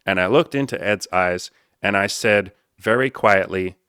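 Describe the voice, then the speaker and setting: Male coach, low voice, dry close mic, swears freely and mocks himself. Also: moderate pace, clear, resonant tone, no echo. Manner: casual, profane, self-mocking, quotes people in lively voices. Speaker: dating and self-improvement coach. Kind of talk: candid personal storytelling to camera.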